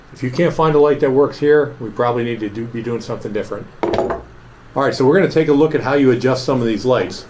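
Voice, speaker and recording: A man walks through a product demonstration in an office, explaining each setting in a plain, methodical way. His voice sits at an ordinary middle pitch. A faint background noise hangs under the recording. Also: poor audio.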